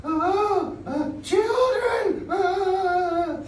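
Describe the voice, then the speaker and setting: A shy, easily scared puppet creature that squeals and yelps in a piercing, high voice. Its cries come slowly, with long hesitations. The sound is distant and echoey, with faint room noise behind it. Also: male voice, exaggerated voice.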